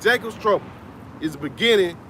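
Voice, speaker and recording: High-voiced man preaching casually outdoors. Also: lively intonation, fairly quick, pushed and bright, slight background noise. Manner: loose, conversational, peppers lines with "man", chuckles. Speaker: street preacher. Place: outdoors in a city, Atlanta area.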